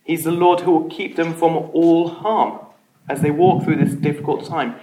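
A man's voice: fairly high pitch, fairly even intonation, normal speed, dark tone. A man leading an informal Bible study, earnest, often repeating words and putting questions to the group. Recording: echoey room, faint noise.

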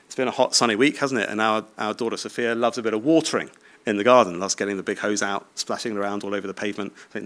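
Man, thirties, conversational sermon, tag questions, light laughs, mid-pitched voice. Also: very fast, a bit bright. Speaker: preacher.

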